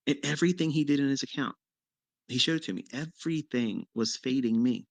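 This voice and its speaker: A middle-aged man talking casually as a mentor, blunt and foul-mouthed, his voice jumping up sharply for emphasis. The sound is dry and close, with no room echo, and his voice sits at an ordinary pitch. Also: fairly quick, creaky, lo-fi sound. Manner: blunt and profane, with sudden emphatic jumps in pitch. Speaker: trading mentor. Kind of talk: casual storytelling on a live audio chat.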